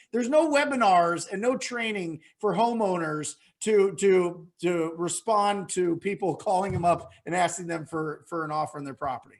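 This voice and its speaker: Guesting on a webinar, an energetic, high-voiced man mentors people on real estate wholesaling through Q&A coaching. His tone is motivational, and he drives points home by repeating phrases.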